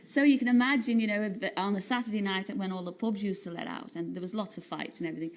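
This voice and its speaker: A woman in her late thirties from Liverpool, speaking with a Liverpool accent as a talk-show guest, telling stories in a chatty, animated way and laughing often. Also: mid-range voice, quick pace. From Liverpool, England. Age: 30s. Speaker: singer and TV entertainer, guest. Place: TV studio.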